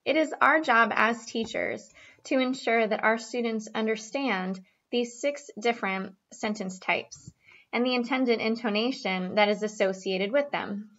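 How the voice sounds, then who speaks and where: A woman's voice: fairly high pitch, a little slow, a bit bright. A woman giving a classroom presentation, reading a prepared script evenly. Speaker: student presenter. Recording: dull lo-fi sound.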